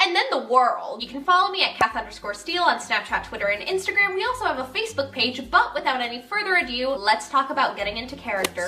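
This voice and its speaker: A woman's voice: a little high, sharp tone, distant mic. A young woman, a stage actor, giving casual theater tips to camera with chatty, self-mocking asides.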